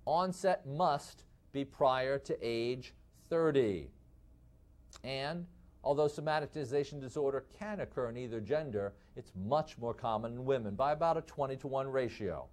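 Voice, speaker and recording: A man with a Midwestern accent giving a lively lecture, asking the class rhetorical questions and calling them folks. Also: mid-range voice, unhurried. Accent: Midwestern American. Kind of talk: recorded lecture to medical students.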